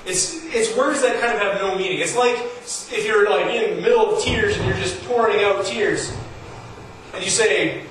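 A man's voice: sits high, normal speed, fairly bright tone. A man preaching a sermon in an earnest, conversational way, his voice rising on emphatic points. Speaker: pastor. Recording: echoey hall from far off, faint noise.

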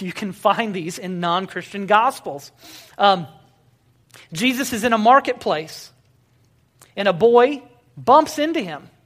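A pastor preaching a sermon in a conversational, storytelling way with wry humor, putting rhetorical questions to the congregation and often pausing on filler sounds. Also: mid-range voice, fairly bright tone.

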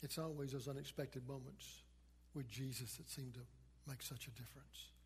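A man preaching a sermon as pastor, dramatic, rising to loud emphasis and dropping to a hush. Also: mid-range voice, fairly even intonation, normal speed, breathy edge. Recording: long reverb of a large hall.

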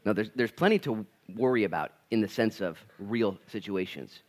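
A man's voice: on the low side, normal speed. A man in his thirties preaching a conversational, jokey sermon to his congregation. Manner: animated, acts out voices in quotes. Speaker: pastor.

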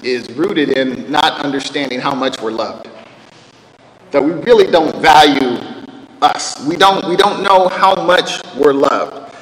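A pastor preaching a sermon, animated, swinging from loud outbursts to quiet low reading of scripture. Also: male voice. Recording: echoey hall with long reverb.

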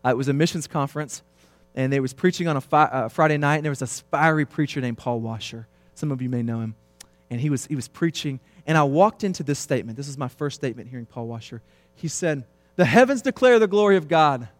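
A man in his thirties preaching a sermon, swinging between quiet, low stretches and loud, emphatic passages. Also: fast talker, no room sound. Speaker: pastor.

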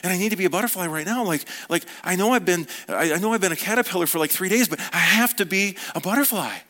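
A jittery little caterpillar girl , put on by a man preacher, pitched noticeably higher than his own voice and rushing her words. She frets and whines in a hurried way, desperate to grow up right now. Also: lively intonation, pushed and bright. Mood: impatient. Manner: hurried, fretful, whiny. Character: anxious impatient little female caterpillar.

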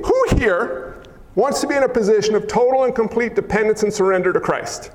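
A man preaching a sermon in an animated, joking way, acting out what people say. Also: sits high, a little fast, a little hiss or hum. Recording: echoey hall.

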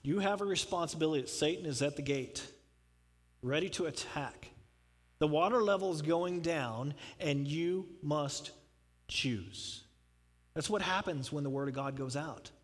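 A man's voice: a little high, measured pace. A man preaching a sermon as pastor, emphatic and rising into fervent appeals, then closing in prayer. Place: church sanctuary. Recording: long hall reverb.

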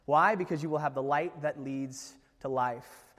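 A man preaching a sermon as pastor, retelling scripture in a casual, animated way with lively asides. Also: on the high side, normal speed, in a large hall.

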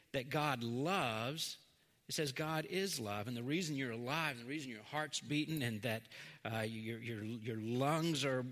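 A middle-aged man preaching a sermon, earnest, moving between quiet, slow stretches and emphatic lines. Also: mid-range voice. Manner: earnest, swings from soft to emphatic. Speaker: pastor. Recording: long hall reverb.

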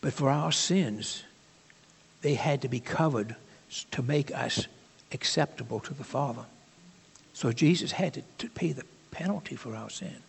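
A man preaching a sermon in a conversational, halting way, with asides to the congregation. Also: medium pitch, creaky, husky, in a large hall.

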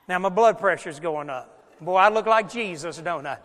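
An older man, a pastor preaching a folksy, animated sermon with loud bursts in a church. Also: sits high, normal speed, long reverb tail. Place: church sanctuary.

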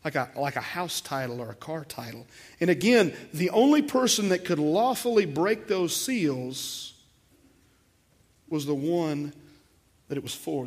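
A man's voice: mid-range voice, darkish tone, slightly rough. A man preaching a sermon to his congregation, emphatic, with swells in volume and repeated words. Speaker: pastor.

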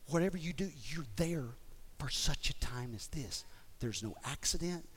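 A man preaching a sermon as pastor, moving between hushed whispers and loud, fervent exhortation, repeating phrases and stumbling over restarts. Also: on the high side, expressive, moderate pace, slightly rough.

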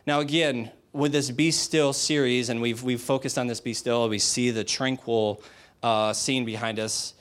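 Male pastor, sermon, blunt and emphatic, rhetorical questions, middle-pitched voice. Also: normal speed, fairly bright tone.

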